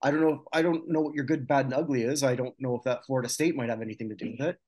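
A man co-hosting a casual podcast chat, reading out lists of names with quick asides. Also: mid-range voice, fairly even intonation, darkish tone. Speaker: podcast co-host.

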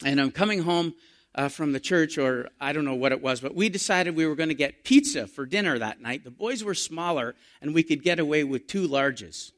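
A middle-aged man, a pastor telling stories in an animated sermon. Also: fairly high pitch, moderate pace. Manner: storytelling, animated, rising to excited emphasis.

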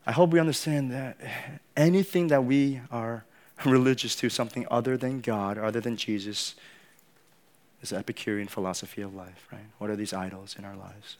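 A man's voice: mid-range voice, fairly even intonation, normal speed, a little mellow. A male pastor giving a conversational sermon, often checking in with the congregation by asking "right?" and saying "you know".

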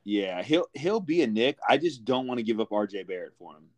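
A man's voice: medium pitch, very animated, a little fast, no room sound. A young man hosting a podcast in a laid-back casual chat, calling people "dude" and "brother" a lot. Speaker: podcast host.

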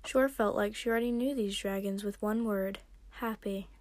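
A woman's voice: medium pitch, fairly even intonation, normal speed, darkish tone. A woman casually narrating her own fan fiction story, with slips and restarts. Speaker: podcast host reading fan fiction.

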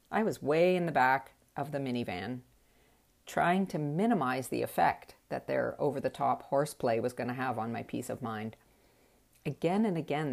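A woman's voice: a bass voice, vocal fry, darkish tone. A middle-aged woman telling a personal story in a wry, reflective way.

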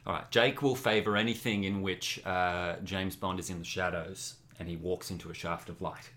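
A man's voice: low-pitched, fairly even intonation, normal speed, sharp tone. A man, a podcast co-host making playful predictions in casual chat.

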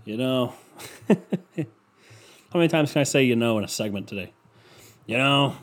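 A man's voice: medium pitch, expressive, moderate pace. A man hosting a casual solo podcast, rambling and swearing freely, packing his talk with "you know" fillers. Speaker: podcast host.

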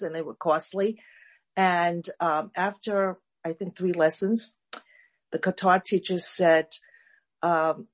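Woman, chatty group participant, lower voice, casual storyteller. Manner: chatty, with fillers. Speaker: discussion participant.

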